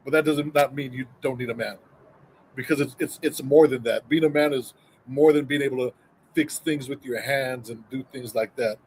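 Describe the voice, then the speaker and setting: A man's voice: medium pitch, steady tone, moderate pace, darkish tone, a little hiss or hum, poor audio. A man talking earnestly as a guest co-host, building his points step by step. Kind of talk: casual opinion chat.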